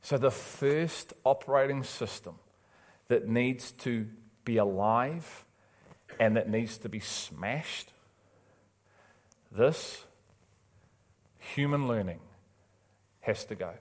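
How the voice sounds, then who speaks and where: A man preaching a sermon in a church, passionate and emphatic, swinging between loud urgent calls and quiet pleading. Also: medium pitch, takes it slowly, long pauses.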